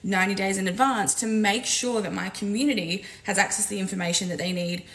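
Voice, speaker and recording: A woman's voice: medium pitch, steady tone, fast, fairly bright tone, rough recording. A woman who coaches businesses, venting in a casual, frank and profane vlog while making coffee at home. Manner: frank, profane, exasperated, chatty. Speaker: business coach and community owner. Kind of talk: casual vlog rant to camera.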